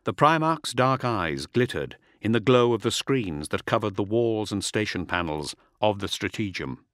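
A man narrating an audiobook in a steady, measured reading. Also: lowish voice, no room sound, studio quality. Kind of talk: scripted narration.

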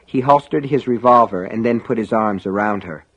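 A man narrating a novel in an even, measured reading. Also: on the low side. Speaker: audiobook narrator. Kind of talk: scripted audiobook narration. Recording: dull lo-fi audio.

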